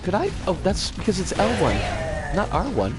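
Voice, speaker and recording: Over loud background music, a streamer speaks at normal speed with a medium-pitched, sing-song lilt. Reading chat aloud as the live game goes on, they chat away, correct themselves with stammered restarts, and swear a little.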